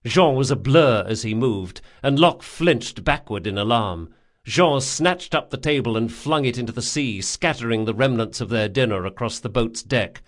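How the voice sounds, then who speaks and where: A man's voice: medium pitch, moderate pace. A man narrating a novel as an audiobook reader, with scripted, storytelling delivery.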